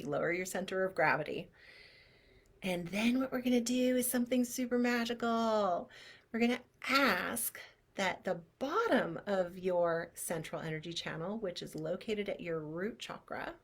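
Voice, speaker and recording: A woman teaching as a clairvoyant energy healer, leading a guided visualization in a chatty, expressive way that drops to soft near-whispers. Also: medium pitch, unhurried.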